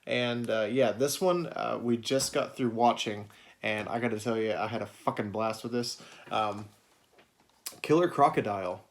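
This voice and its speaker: A man's voice: fairly low pitch, normal speed. A man hosting a casual video review of his movie collection, rambling with many fillers and frequent swearing. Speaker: video host.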